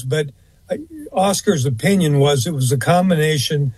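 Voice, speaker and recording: A husky man tells a long story as an interview guest, rambling a little and filling pauses with uh and um. His voice sits a touch high for a man. The sound is close and dry. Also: darkish tone, no room sound. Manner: rambling, fills pauses with uh and um, restarts. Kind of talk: anecdotal storytelling in conversation.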